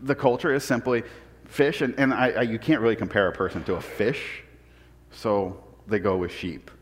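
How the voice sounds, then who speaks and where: A man from Portland preaching a sermon, telling a humorous personal story with animated, self-deprecating delivery. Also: on the low side, normal speed, big-room sound. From Portland, Oregon. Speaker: pastor. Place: church sanctuary.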